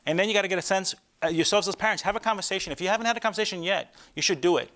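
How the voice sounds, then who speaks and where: Fast-talking man giving a parenting lecture. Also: sits high, a bit bright. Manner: conversational, asks the audience rhetorical questions. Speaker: sleep doctor giving a parenting talk.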